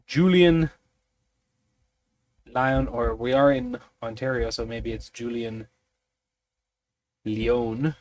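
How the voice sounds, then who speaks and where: A sleepy man muses aloud at an unhurried pace while he works through random tables for a tabletop mystery. He talks in a halting way, full of small fillers and restarts. His voice sits at a middling pitch. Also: steady tone, a little mellow. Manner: musing, halting, many fillers. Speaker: streamer designing a tabletop mystery.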